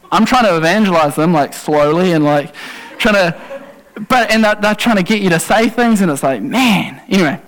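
A man's voice: high voice, poor audio. A man preaching a sermon to a congregation in a conversational way, with asides and self-corrections. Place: church congregation.

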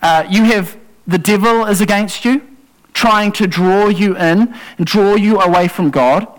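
A man's voice: high voice, unhurried, poor audio. A man preaching a sermon to a congregation in a conversational way, with asides and self-corrections. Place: church congregation.

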